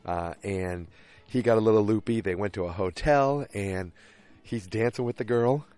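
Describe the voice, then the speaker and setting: A man's voice: lowish voice, moderate pace, a little mellow. A man casually recapping a TV episode, rambling along with lots of fillers and restarts.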